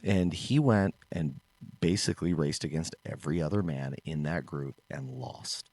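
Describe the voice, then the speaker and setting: Deep-voiced man telling a story. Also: normal speed, dry recording. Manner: animated storyteller, acts out quoted voices. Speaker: podcast co-host, martial arts instructor. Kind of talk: casual storytelling chat.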